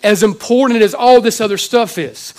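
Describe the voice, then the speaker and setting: A high-pitched man in his forties preaches from the pulpit as a pastor. His delivery is heartfelt and halting, full of restarts and repeated words. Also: a little mellow. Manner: emotional, halting with many restarts. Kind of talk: sermon.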